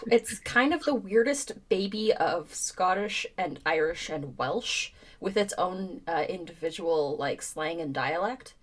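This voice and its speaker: A woman's voice: on the low side, expressive, unhurried, few pauses. A woman co-hosting a live stream, chatting in a dry, matter-of-fact way. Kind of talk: casual chat.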